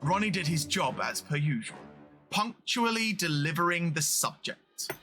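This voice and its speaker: A man voicing a cold, pompous male mad scientist, delivering slow, grandiose villain lines as a game voice-over. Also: a little high, expressive, over music. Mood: coldly gloating. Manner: slow, grandiose, coldly polite villain monologue.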